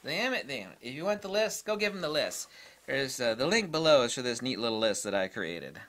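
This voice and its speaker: Man, ranting monologue, sarcastic, exasperated, bright tone, lively pitch. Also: brisk. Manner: exasperated, sarcastic, mocks others in put-on voices. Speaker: photography vlogger.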